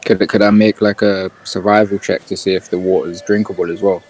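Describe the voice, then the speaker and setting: Low-voiced joking man at the game table. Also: little pitch movement, brisk, a little mellow, poor audio. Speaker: player. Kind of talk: casual chat playing a tabletop game.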